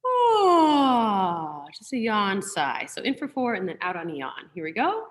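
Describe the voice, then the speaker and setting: A woman teaching a singing class over a video call, giving gentle, encouraging warm-up instructions from her piano. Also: medium pitch, sing-song, brisk, big-room sound. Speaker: choir teacher. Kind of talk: online group singing lesson. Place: room with a piano.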